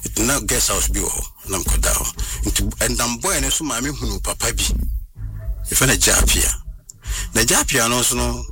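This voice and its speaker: A man, recounting a personal story as an interview guest in an animated way and slipping into English phrases. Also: mid-range voice, moderate pace, far from the mic, background noise. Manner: animated, mixes in English phrases, acts out what others said.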